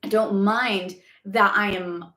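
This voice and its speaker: A woman's voice: mid-range voice, fairly even intonation, slow, bright, forceful tone. A woman hosting a casual live spiritual Q&A, chatty and rambling with lots of fillers. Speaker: spiritual guidance host. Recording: echoey room.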